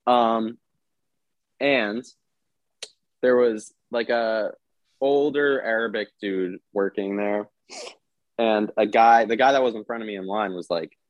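A young man hosting a podcast, telling a story in a halting, animated way and swearing freely. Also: fairly low pitch, dry recording, highs cut off. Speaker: podcast host. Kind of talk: casual chat, storytelling.

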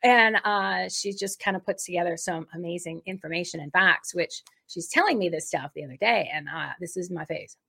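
A woman co-hosting a faith talk show, opening the episode in a rambling, excitable way with many restarts. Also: fairly low pitch, a little fast, vocal fry, hardly any pauses, husky. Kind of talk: casual spoken introduction.

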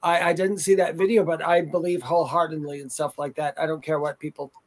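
A man co-hosting a live talk show, speaking earnestly and haltingly about his beliefs. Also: on the high side, little pitch movement, rough recording. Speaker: co-host. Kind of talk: live call-in chat.

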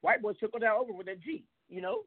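A man's voice: high voice, quick pace. A man in his fifties hosting a call-in radio talk show, rambling and preachy in a heartfelt way. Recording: tinny phone-line audio.

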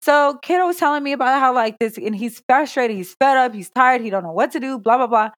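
A woman co-hosting a casual podcast, telling an animated, profane story about her son. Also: sits high, quick pace, dry recording. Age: adult parent. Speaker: podcast co-host. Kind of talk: casual chat.

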